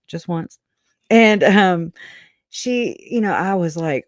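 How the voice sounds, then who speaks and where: A woman's voice: on the low side, a little slow, a little mellow, no room sound, studio quality. A woman who is a guest on a casual livestream chat over a video call, talking in a candid, folksy way and laughing often.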